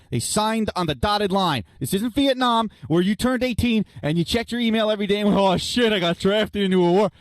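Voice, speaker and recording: A young male radio host with a high, bright voice delivers a blunt, profane rant, reading listener messages aloud and firing back at them. The sound is dry and close, with no room around it. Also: no echo. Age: young adult. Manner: blunt, profane, ranting, addresses listeners as guys and folks. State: out of breath. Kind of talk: opinionated talk radio rant.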